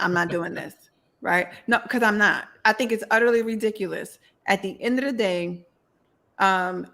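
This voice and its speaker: A woman's voice: medium pitch, a bit bright. A middle-aged woman hosting a podcast, talking emphatically and repeating her points, with frequent laughs. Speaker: podcast host. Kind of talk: casual podcast chat.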